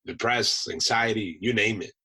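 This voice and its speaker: A man, a Marine veteran guest on a podcast, telling stories in a casual, animated way and acting out the people in them. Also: fairly low pitch, moderate pace, slightly rough, poor audio. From United States. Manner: animated storyteller acting out voices, laughs often. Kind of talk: casual storytelling.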